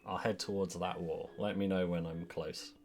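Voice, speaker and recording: A man's voice: deep voice, level tone, moderate pace, darkish tone, soft background music. A man playing a tabletop game, scheming and swearing with a joking tone. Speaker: player.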